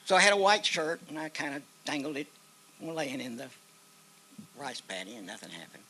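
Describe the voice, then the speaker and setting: Slightly high and sing-song at a normal speed, this older man's sharp-toned voice has an Oklahoma accent. As a veteran guest speaker at an outdoor park memorial ceremony, he tells a personal war story in folksy fashion, voicing the quoted dialogue, and the poor audio has slight background noise.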